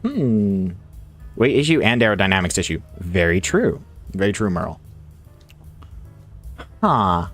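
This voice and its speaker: A man's voice: sits low, big pitch swings, a little slow, pauses often, fairly bright tone. A man streaming a building game, chatting casually to his viewers and to himself as he plays, laughing often. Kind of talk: casual live-stream commentary. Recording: faint music behind.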